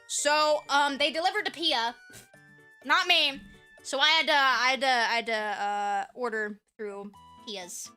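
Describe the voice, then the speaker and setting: A young woman streamer telling a trip story in casual live-stream chat, animated and swearing freely. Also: high-pitched, unhurried, faint music behind.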